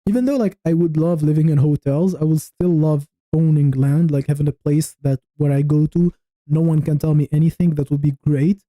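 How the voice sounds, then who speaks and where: A frank man in his thirties from Tunisia, rambling through a casual livestream chat with viewers and restarting his sentences as he thinks aloud. His voice sits a little high but sounds very dark and mellow, and the recording is dry and close. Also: steady tone, brisk, dry recording, low-quality recording. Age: 30s. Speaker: YouTube livestreamer.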